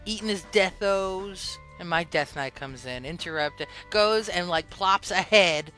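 A woman hosting a podcast, telling comic game stories in an animated, joking way. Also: on the low side, unhurried, faint music behind. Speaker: podcast host.

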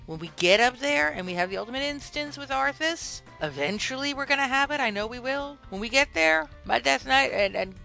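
A woman hosts a podcast, spinning comic game anecdotes with lively swings in pitch. Her voice is gravelly and forceful, and faint music plays underneath. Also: brisk, few pauses. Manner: animated, joking, storytelling. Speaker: podcast host.

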